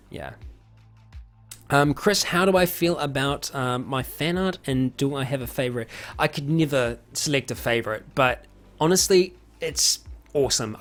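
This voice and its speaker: Male streamer, mid-pitch, rambling Q&A over faint music, frequent ums and restarts. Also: a bit bright. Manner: rambling, many fillers and restarts, chuckles often. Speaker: streamer hosting a viewer Q&A. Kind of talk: casual live-stream chat.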